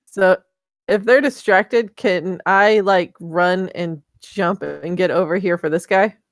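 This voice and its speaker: A woman's voice: fairly low pitch, slow. A woman playing a tabletop game over a voice call, thinking her move through aloud with hesitant fillers. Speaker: player. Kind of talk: casual tabletop game talk.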